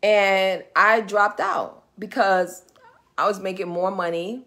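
A woman with a New York accent hosts a live business Q&A, chatting casually and digressing as she talks straight to viewers. Her mid-range, fairly bright voice is slow, picked up by a webcam or phone on the live stream.

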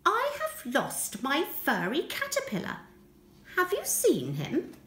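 Storybook part: woman reading as a tiny, polite pig, high and soft, echoey room. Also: wildly swooping pitch, takes it slowly, exaggerated voice. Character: small, polite little pig.

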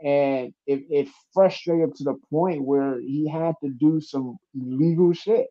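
Animated young male fighter, dull audio. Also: on the high side, measured pace. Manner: animated storytelling, acts out quotes, swears freely. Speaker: UFC fighter. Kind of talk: casual interview chat.

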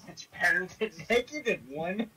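Bright, blunt, cursing man at a game table. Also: sits high, expressive, normal speed, rough recording. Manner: profane, frustrated, blunt.

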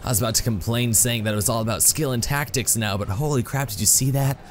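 A man doing excitable, self-mocking live commentary while playing a video game, full of exclamations. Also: mid-range voice, fast talker, slight background noise. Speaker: gaming YouTuber.

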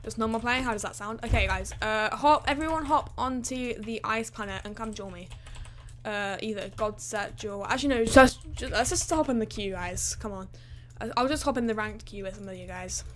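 A woman chats through a gaming livestream, hyper and talkative, her voice sitting a little high. She fills her talk with likes and ums. Faint keyboard typing can be heard behind her. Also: normal speed, a little hiss or hum. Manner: hyper, chatty, many fillers. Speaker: gaming streamer. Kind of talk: excited livestream chat.

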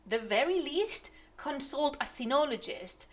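A young woman whose first language is not English, ranting on a live stream in an animated, exasperated way and thinking aloud. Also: high voice, unhurried, background noise. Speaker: streamer and researcher. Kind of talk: casual ranting stream commentary.

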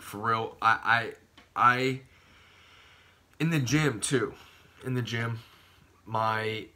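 Profane rambling man, bright forceful voice. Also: fairly low pitch. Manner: profane, rambling, says "dude" constantly. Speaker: fitness vlogger. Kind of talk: casual vlog talk.

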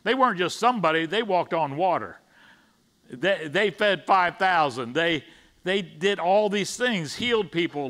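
Guy preaching at church, chatty, lots of restarts, bright ringing voice. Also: high voice. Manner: conversational preaching with frequent restarts and paraphrased dialogue. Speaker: pastor. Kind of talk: sermon. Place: church sanctuary.

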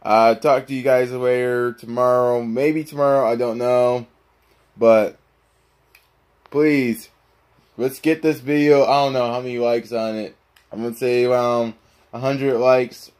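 A man's voice: mid-range voice, steady tone, a little slow, darkish tone, smooth. A man talking casually to his viewers, rambling and pleading for likes and subscribers. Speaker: YouTuber. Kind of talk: casual vlog talk.

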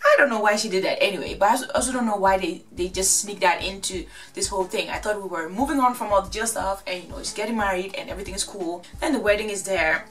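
A woman recapping a reality show in a casual, gossipy, animated way. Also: mid-range voice, fast talker, hardly any pauses, recorded from a distance. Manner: gossipy, animated, acts out quotes.

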